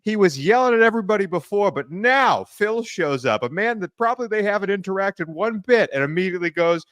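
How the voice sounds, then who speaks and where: A man's voice: high-pitched, big pitch swings, a little fast, few pauses, a bit bright, no room sound, studio quality. A man co-hosting a wrestling podcast, bluntly skeptical and mocking, swearing in casual chat. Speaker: podcast co-host.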